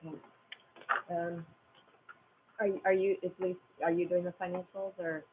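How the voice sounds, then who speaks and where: A woman's voice: fairly low pitch, little pitch movement, moderate pace. A woman at a school board meeting who moves the agenda forward with short, hesitant remarks, heard on a tinny, noisy recording. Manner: brief, hesitant interjections. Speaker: board member moving the meeting along. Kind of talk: casual meeting chat. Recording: tinny phone-like recording with clear background noise.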